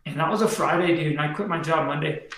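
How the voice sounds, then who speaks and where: A man's voice: fairly high pitch, fast, a crowd in the background. A middle-aged man, a podcast guest, telling a story casually in slangy talk full of fillers. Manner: slangy, heavy on fillers and "dude". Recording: very echoey room.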